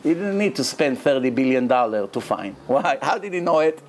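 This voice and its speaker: A man's voice: medium pitch, lively intonation, brisk, slight background noise. A man, a rabbi who speaks natively, giving an emphatic religious lecture in English.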